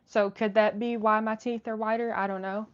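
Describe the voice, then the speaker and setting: A woman's voice: mid-range voice, little pitch movement, moderate pace, muffled recording. A woman hosting a live stream, chatting casually with viewers and reading their messages, with many fillers and restarts. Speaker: livestream host reading chat.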